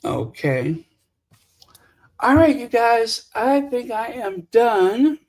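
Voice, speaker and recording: A woman commentator talks slowly and mockingly, with fillers and pauses. Her pitch swings widely as she reacts to the clips she plays. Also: very animated, a little mellow. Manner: sarcastic, mocking, unhurried with fillers. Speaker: royal commentary channel host. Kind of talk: casual commentary over clips.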